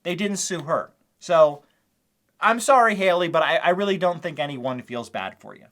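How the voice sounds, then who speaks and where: A man's voice: on the high side, expressive, moderate pace, fairly bright tone. A male commentary host who talks over video clips, mocking and sarcastic, with small laughs between his points.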